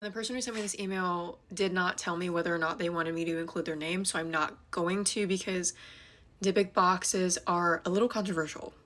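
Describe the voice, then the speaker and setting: A woman telling a scary story to her viewers in a quick, chatty way, with dramatic asides. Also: fairly low pitch, steady tone, fairly bright tone. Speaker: ghost story creator. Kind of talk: casual storytelling to camera.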